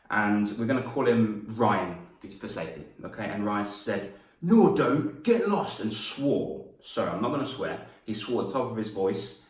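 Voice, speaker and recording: Animated man telling classroom stories. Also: mid-range voice, distant mic. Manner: animated, laughs at his own stories, acts out voices. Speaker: confidence coach and former teacher. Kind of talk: storytelling lesson to camera. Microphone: camera mic. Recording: roomy echo, mic set back.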